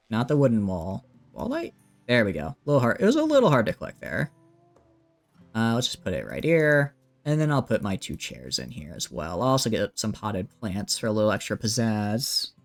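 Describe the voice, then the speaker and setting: Lively chatty male game streamer. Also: lowish voice. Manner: chatty, thinks aloud, greets chat. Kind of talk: casual gameplay commentary.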